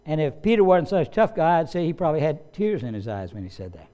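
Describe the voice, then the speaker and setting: A male pastor preaches in a high, clear voice. His delivery is emphatic, and he drives points home by repeating key phrases. He breaks into quoted voices to act out scenes. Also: very animated, fast talker, warm tone. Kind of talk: sermon.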